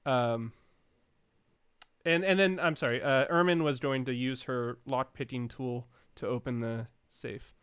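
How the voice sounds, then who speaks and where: A man's voice: medium pitch, steady tone, measured pace, fairly bright tone, clear, resonant tone. A man playing a tabletop game, chatty and apologetic, rambling on. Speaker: player. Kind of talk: casual tabletop game chat.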